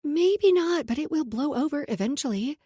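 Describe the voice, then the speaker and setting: A fiery young heroine, sharp-tongued and quick to blow up, as a woman narrator puts her on. Her voice leaps around, loud and biting. It is read close to the mic in a dry studio. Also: high-pitched, animated, dry recording, voice pushed up. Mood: indignant.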